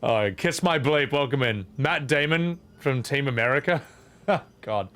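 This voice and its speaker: A man's voice: medium pitch, lively intonation, a little slow, fairly bright tone. A man streaming a game, chatting casually with viewers, joking, laughing and swearing. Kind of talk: casual live-stream chat.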